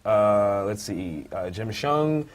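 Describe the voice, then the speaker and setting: Animated man co-hosting a comics podcast. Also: slow. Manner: animated, jumps to loud, high outbursts; many fillers, thinks aloud. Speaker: comic book review podcast co-host. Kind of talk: casual chat.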